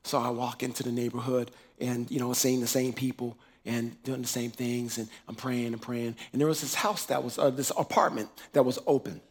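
A man telling a personal faith testimony in a lively way, acting out the voices in his story. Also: medium pitch, normal speed, few pauses. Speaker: preacher sharing a testimony.

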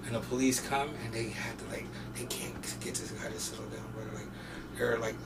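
A man telling stories in a casual, animated way, full of slang and swearing and getting loud when he acts out the scenes. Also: mid-range voice, fairly quick, far from the mic, noisy background. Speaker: podcast guest. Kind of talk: casual storytelling.

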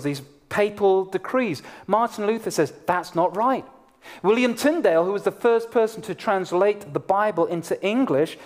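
A middle-aged man, a pastor, preaching an emphatic sermon to his congregation. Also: sits high. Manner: emphatic preaching with rising and falling intensity.

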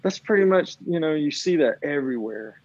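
A man's voice: on the high side, animated, a little fast, no echo, highs cut off. A man in casual chat, ranting with plenty of profanity and acting out the people he quotes.

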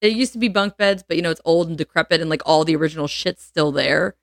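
A woman's voice: low voice, quick pace, gravelly, no echo, studio quality. Chatty woman telling a story. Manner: animated, laughs often, acts out quotes. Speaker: podcast co-host. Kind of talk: casual storytelling chat.

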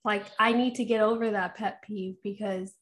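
A woman's voice: medium pitch, fairly even intonation, moderate pace. A woman talking casually on a podcast about parenting, chatty, with frequent laughs and asides. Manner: chatty, laughs often, lots of "you know". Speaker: podcast co-host. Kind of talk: casual chat.

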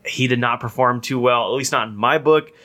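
A man hosting a casual podcast, talking loosely with lots of restarts and stray laughs. His voice is bright and forward. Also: medium pitch, a little fast. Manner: rambling, laughs often, many restarts. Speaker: podcast co-host.

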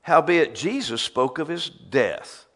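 A man's voice: a little high, animated, takes it slowly, fairly bright tone. A man preaching a sermon, reading scripture aloud and teasing the crowd with rhetorical questions.

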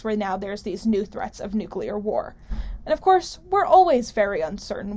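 A young woman hosts a radio talk show in a loose, chatty way. She is full of fillers and restarts, and she is wry about the news. Her voice sits a bit high for a woman. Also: darkish tone. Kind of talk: casual political commentary.

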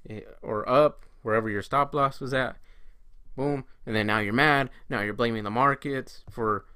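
A man's voice: medium pitch, pushed and bright, clear, resonant tone, no room sound, clean studio sound. A man talking casually as a trading coach, often acting out inner voices and quoted friends. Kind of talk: casual solo talk to camera.

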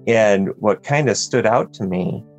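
A man's voice: lowish voice, unhurried, darkish tone, highs cut off, faint music behind. A man, a parent, reflecting on a family discussion in a casual, thoughtful way with many fillers. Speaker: podcast guest, parent. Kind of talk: casual chat.

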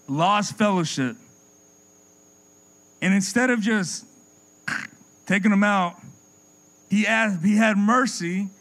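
Guy preaching a sermon, fairly high voice, gets intense then goes quiet, faint hum behind. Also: low-quality recording. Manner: impassioned, dropping low and soft for effect; repeats words when building a point.

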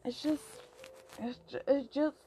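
A woman's voice: sits high, steady tone, unhurried, warm tone, slight background noise. A young woman ranting to a friend, heated and profane, rambling with constant filler words, her voice rising as she gets worked up. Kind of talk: angry personal rant to a friend.

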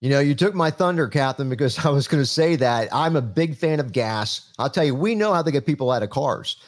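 A man with an ordinary mid-range voice, hosting a live panel discussion. He is friendly and a little halting, repeating words and trailing off as he thinks. He keeps things moving between guests. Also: medium pitch, expressive. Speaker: host.

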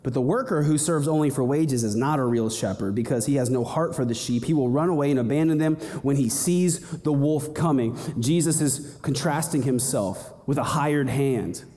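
A young man preaching a sermon in an animated way, acting out little scenes and voices as he goes. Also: medium pitch, normal speed. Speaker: pastor. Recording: long hall reverb.

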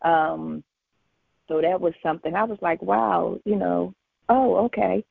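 A woman in her forties shares her faith testimony as a guest on a call-in show. Her voice is gravelly and husky, and it comes through a tinny phone line. She tells her story with animation and acts out the conversations. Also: on the low side, steady tone, measured pace, no echo. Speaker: featured guest.

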